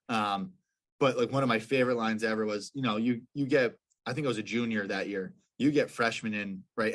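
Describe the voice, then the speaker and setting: A man's voice: lowish voice, a bit bright. A young man, a professional lacrosse player, telling stories as a guest in a casual podcast interview, with many fillers and restarts.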